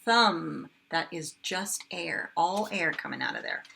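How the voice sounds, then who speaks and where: A kindergarten teacher, a woman, sounding out words slowly and with exaggeration for young children in a phonics lesson. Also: on the low side, gravelly, bright, forceful tone, a little hiss or hum.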